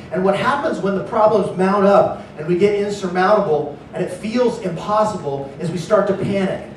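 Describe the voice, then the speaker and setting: A man preaching a sermon as pastor, animated, sometimes acting out panicked voices. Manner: animated, acts out panicked voices in a raised pitch. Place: church. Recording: echoey church hall, distant mic, faint noise.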